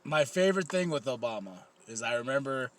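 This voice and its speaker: A man's voice: mid-range voice, animated, brisk. A man in his thirties co-hosting a casual comedy podcast, rambling and swearing, laughing often. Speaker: podcast co-host.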